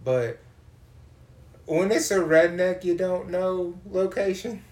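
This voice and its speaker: A man telling a comic story, animated and swearing freely, acting out the people he meets. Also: sits high, slow pace. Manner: animated, swears a lot, acts out voices. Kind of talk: profane comedic storytelling.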